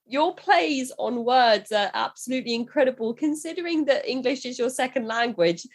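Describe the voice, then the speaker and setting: A woman's voice: high voice, animated, normal speed. A woman hosting a podcast interview, effusive and full of thanks. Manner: effusive, warmly thanking, some restarts. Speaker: podcast host. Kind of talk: interview talk.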